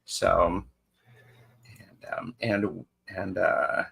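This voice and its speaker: A man's voice: deep voice, level tone, very slow, vocal fry, fairly bright tone, husky. A man co-hosting a live tarot stream in casual chat, greeting viewers by name with fillers and restarts.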